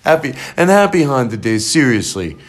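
A man hosting a podcast in excited casual chat, rambling and jumping up in pitch. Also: moderate pace. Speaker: podcast host.

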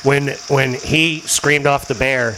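A man's voice: mid-range voice, steady tone, slow, sharp tone, a little hiss or hum, low-quality recording. A man hosting a podcast, signing off the show with casual, profane, upbeat chat. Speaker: podcast host.

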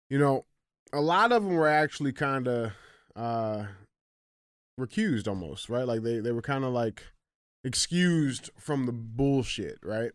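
A man's voice: medium pitch, smooth, no echo. Male co-host, easygoing, reads headlines with lots of rise and fall, close dry mic. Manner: laughs often, reads headlines aloud. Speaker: podcast co-host. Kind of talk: casual podcast chat. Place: studio.

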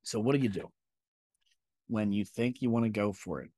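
A man's voice: fairly low pitch, animated, moderate pace, dark tone, no room sound, clean studio sound. A man in his thirties hosting a podcast, giving an intense, profane and emphatic motivational monologue. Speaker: podcast host.

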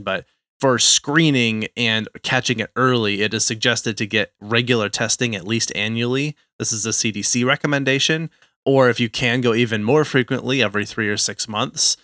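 Casting: low-voiced man co-host from the western US, bright tone, careful explainer. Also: no room sound, clean studio sound. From Western United States. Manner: explanatory, careful, hedging restarts. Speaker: podcast co-host. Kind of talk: casual explanatory chat.

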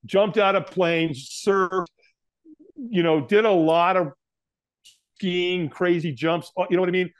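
A man's voice: unhurried, pauses often, clean tone, no room sound, clean studio sound. A middle-aged man, a guest in an interview, telling a story and acting out what people said to him. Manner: animated, acts out quotes with big pitch jumps.

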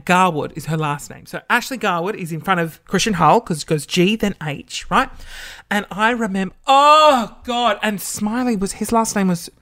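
Young Australian guy, vlogger, gossipy storyteller, swears a lot, dramatic gasps. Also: sits high. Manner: animated, gossipy, swears freely, breaks into gasps. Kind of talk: casual storytelling while sorting old school papers.

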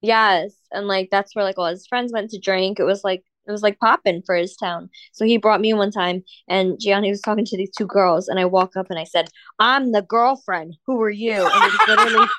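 A woman's voice: medium pitch, steady tone, a little fast, hardly any pauses, no room sound. Playful woman, dry mic. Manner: playful, teasing, laughs often. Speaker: podcast host. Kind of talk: casual chat.

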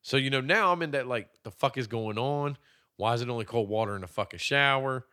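A man's voice: mid-range voice, brisk, bright, forceful tone, clear, resonant tone. A man co-hosting a podcast, telling stories in a profane, laid-back way and laughing often. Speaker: podcast co-host. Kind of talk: casual chat.

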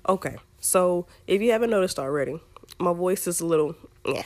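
A young woman hosting a podcast in a casual, chatty way, her voice hoarse and a little raspy from a scratchy throat. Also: on the low side, lively intonation, fairly quick, no room sound. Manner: chatty and playful, talks straight to listeners. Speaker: podcast host. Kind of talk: casual chat.

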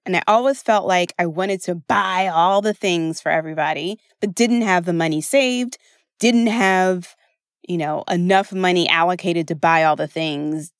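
Podcast host: American woman, coaching tone, animated pitch, laughs often, dry close mic. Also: no room sound. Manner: chatty and expressive, laughs often. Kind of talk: solo podcast talk.

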